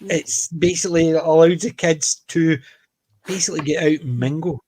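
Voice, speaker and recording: A Scottish man chatting on a casual panel, telling stories with emphatic, animated delivery. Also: a little high, normal speed, husky. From Scotland.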